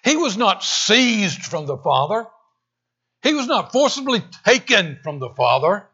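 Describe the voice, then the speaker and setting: A man preaching a sermon, swinging between loud, emphatic lines and hushed, intense ones. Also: sits high, very animated, measured pace, husky, highs cut off. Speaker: pastor.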